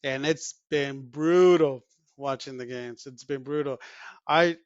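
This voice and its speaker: A man's voice: medium pitch, takes it slowly, no room sound, lo-fi sound. A man co-hosting a sports podcast, talking casually in a rambling way with many fillers and restarts. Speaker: podcast co-host.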